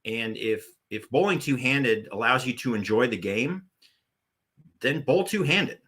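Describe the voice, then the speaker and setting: Bright-voiced man in his forties telling stories. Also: mid-range voice, animated, a little slow, breathy edge. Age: 40s. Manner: rambling, many restarts and "uh" fillers. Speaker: podcast guest, former bowling tournament director. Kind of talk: casual storytelling interview.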